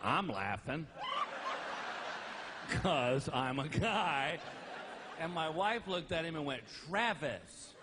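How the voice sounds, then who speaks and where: A middle-aged man telling stand-up stories about his family in a folksy, animated way, laughing at his own jokes. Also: a little high, slow, long pauses. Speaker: stand-up comedian. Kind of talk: stand-up storytelling. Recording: live comedy album with faint noise.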